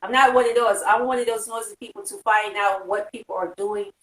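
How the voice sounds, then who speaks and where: A woman from Atlanta, hosting a casual interview in an excitable, rambling way with quick laughs. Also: medium pitch, far from the mic. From Atlanta, USA. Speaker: host. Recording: echoey room, away from mic.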